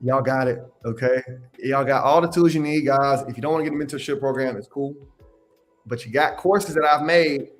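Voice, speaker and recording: Animated slangy young man, faint music. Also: on the high side. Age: young adult. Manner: animated, slangy, repeats phrases, laughs often. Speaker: independent adjuster mentor hosting a live Q&A. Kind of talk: casual livestream Q&A.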